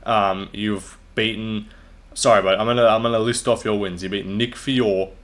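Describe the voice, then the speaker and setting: Young man, lowish voice, casual solo recap, blunt, cursing, mocking. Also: steady tone, moderate pace, fairly bright tone. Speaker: MMA commentator and channel host.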